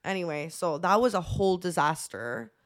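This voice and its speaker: A woman's voice: lowish voice, animated, normal speed. A young woman in her twenties co-hosting a podcast, telling travel stories in casual chat, leaning on "like" and acting out what people said. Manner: chatty storytelling, heavy use of "like", acts out quotes. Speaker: podcast co-host.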